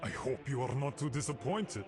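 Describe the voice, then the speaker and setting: An actor voicing a suspicious game program in a Russian accent, speaking clipped broken English and barking orders. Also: male voice, mid-range voice, expressive, moderate pace, natural voice. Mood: gruff. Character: suspicious male Russian-style game program, gruff soldier. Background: game music.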